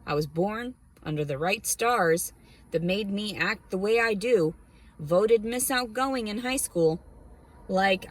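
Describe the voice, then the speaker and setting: Woman vlogger, lower-pitched, profane personal rant, heated and blunt. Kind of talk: angry personal rant to camera.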